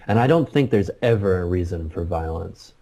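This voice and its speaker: Mellow-voiced man, earnest and emphatic. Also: sits low, animated, normal speed. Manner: earnest, repeats words while searching for them. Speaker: interview guest. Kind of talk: casual spiritual conversation.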